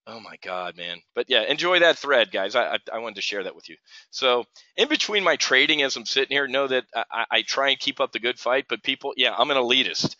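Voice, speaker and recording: A man's voice: mid-range voice, animated, fairly quick, bright, forceful tone, dry recording. A middle-aged man from New Jersey hosting a live options trading stream, ranting and replying to viewers in chat by name. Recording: dull lo-fi stream audio.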